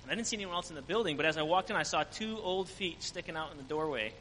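Man, higher voice, bright tone, earnest mission testimony, reverberant hall. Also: lively intonation, fast, a little hiss or hum. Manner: earnest storytelling with frequent fillers. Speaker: mission trip team member.

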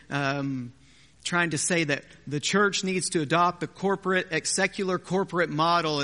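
A man preaches in a church sanctuary, his voice pitched a little high for a man. He keeps it conversational and drops in joking asides between points. A long hall reverb trails behind each phrase. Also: sharp tone. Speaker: pastor. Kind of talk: sermon.

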